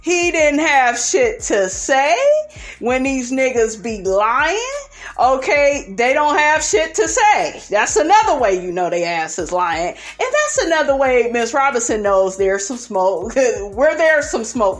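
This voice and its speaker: A woman's voice: high voice, very animated, takes it slowly, faint music behind. A woman hosting a casual reality TV recap, sassy and blunt, swearing freely and tossing in "honey" and "okay" as she gossips. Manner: profane and blunt.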